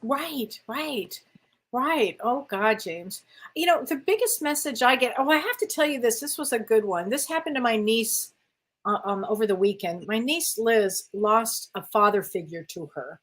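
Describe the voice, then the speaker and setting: A woman with a somewhat high voice tells her stories eagerly in a relaxed spiritual chat. She keeps agreeing quickly while her co-host talks. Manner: eager storyteller, quick affirming replies.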